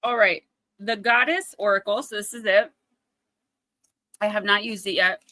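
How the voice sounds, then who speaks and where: A woman's voice: medium pitch, fairly even intonation, moderate pace, sharp tone, no room sound. A woman in her thirties hosting a casual livestream, chatty and storytelling, acting out little quotes. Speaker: oracle card reader, livestream host.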